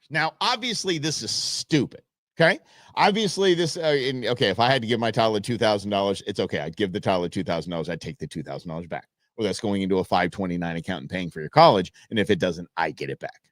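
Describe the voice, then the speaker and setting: A man's voice: medium pitch, no echo. Man, talk show host, mid-range voice, blunt rambling rants, dry mic. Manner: rambling, blunt, swings between loud and muttered asides. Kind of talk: casual opinionated monologue.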